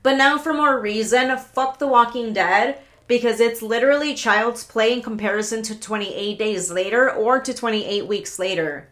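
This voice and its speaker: A woman hosting a solo podcast, talking in an excitable, rambling way, swearing often, stopping herself and restarting, pacing as she talks. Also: on the high side, normal speed, hardly any pauses. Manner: paces around while talking. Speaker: podcast host. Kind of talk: casual solo podcast rant.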